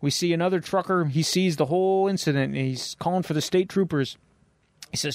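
A man hosts a casual comic book podcast and retells the story in a relaxed way. His voice sits a little high, with a gravelly fry, and the recording is dry and close. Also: a little fast, no room sound. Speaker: podcast host.

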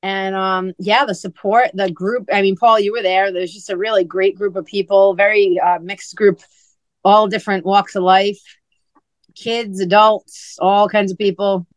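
A woman's voice: medium pitch, little pitch movement, a little slow, no echo. A woman co-hosting a podcast, chatting casually and telling stories, acting out what others said. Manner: chatty storyteller, acts out quoted talk. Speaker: podcast co-host and author. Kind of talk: casual chat.

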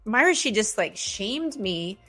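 A woman's voice: mid-range voice, big pitch swings, measured pace, bright, forceful tone, faint music behind. A woman hosting a casual chat, telling rambling anecdotes with a bit of swearing. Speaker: host.

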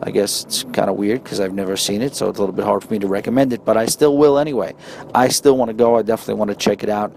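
A man's voice: racing, creaky, darkish tone. A man with a New York accent hosting a casual solo podcast, chatting in a rambling way with many restarts and reading out listener emails. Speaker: podcast host. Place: on a moving train. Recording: faint train noise behind. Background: faint train rumble.

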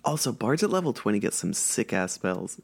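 A man at a tabletop game, tossing in jokes and rule tips. His voice has a rough, gravelly texture. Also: lowish voice, big pitch swings, normal speed. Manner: joking, knowing quips about rules. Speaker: player. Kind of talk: casual game chat.

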